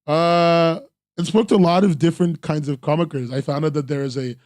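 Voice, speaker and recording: Male podcast host, tired, rambling casual chat with fillers, fairly high voice, dry sound. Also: steady tone, a little fast, darkish tone, no room sound. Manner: rambling, self-deprecating, frequent ums and laughs. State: tired, sore from three days at a convention.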